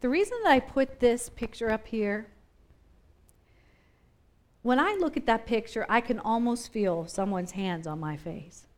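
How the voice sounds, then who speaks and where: A woman delivers a sermon in a high, bright voice. She is impassioned and repetitive, building in intensity and then easing back. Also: lively intonation, measured pace, pauses often. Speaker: preacher.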